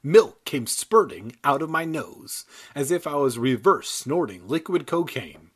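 A man reads a children's novel aloud with a husky, grainy voice, sliding over a wide pitch range. He keeps stopping for crude, irreverent jokes between passages. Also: big pitch swings, unhurried. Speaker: comedic reader. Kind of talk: comedic book reading with riffs. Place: San Diego.

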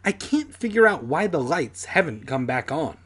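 A mild, concerned middle-aged father, put on by a man, earnest and a little fussy. The voice sits higher than the reader's own and swings lively up and down. It belongs to a comedic read-aloud of a spooky children's storybook. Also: moderate pace, breathy edge, heavily acted.

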